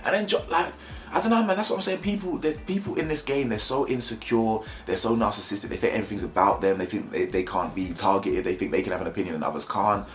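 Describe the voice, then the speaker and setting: A man's voice: on the low side, quick pace, reverberant. A man giving a blunt, mocking, slangy review of a reality show in casual commentary.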